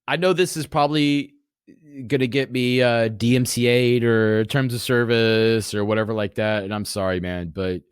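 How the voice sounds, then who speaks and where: A man's voice: mid-range voice, normal speed, clean tone, dry recording, studio quality. A man in his forties, a podcast guest, telling rambling, profane stories in a casual way. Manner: profane, rambling, animated retelling. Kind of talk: casual storytelling.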